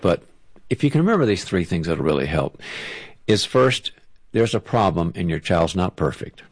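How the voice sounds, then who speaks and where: A man's voice: low-pitched, big pitch swings, moderate pace, no echo. A man, a parenting author, giving direct and practical advice on a talk show and acting out what a parent would say. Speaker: parenting author and guest expert.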